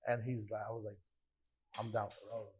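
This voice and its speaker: A man's voice: lowish voice, flat delivery, normal speed, darkish tone, slight background noise. A young man casually telling a story on a podcast, full of slang and profanity and acting out other people's voices. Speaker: podcast guest.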